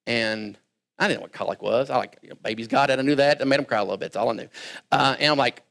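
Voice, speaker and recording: A man preaching a sermon, talking conversationally and swinging between quiet asides and raised, emphatic lines. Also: medium pitch, animated, brisk, vocal fry. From Kentucky. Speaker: pastor.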